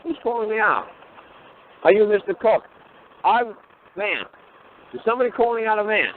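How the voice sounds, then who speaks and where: A man's voice: high voice, animated, normal speed, slight background noise. A man talking bluntly and profanely, firing off rhetorical questions on a call-in talk show. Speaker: talk show guest lecturer. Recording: tinny phone line.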